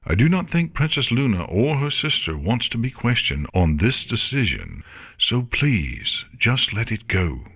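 A worried, cautious lieutenant, put on by a man reading a fan story. He speaks softly and pleadingly in a husky voice. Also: medium pitch, big pitch swings, a little slow, pitched above the performer's own voice, exaggerated voice. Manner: soft-spoken, pleading.

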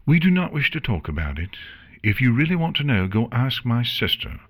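A man's voice: mid-range voice, big pitch swings, brisk, breathy edge, pitched above the performer's own voice. A man voicing a reserved, sad royal princess who speaks formally in a fan storybook reading. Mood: cold. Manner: formal, withdrawn.

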